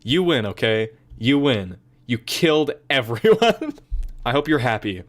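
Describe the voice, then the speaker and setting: A man reading aloud the lines of a sweet, possessive young female club president, gentle and self-conscious, later pleading. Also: mid-range voice, sing-song, unhurried. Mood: anguished. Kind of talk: reading game dialogue aloud.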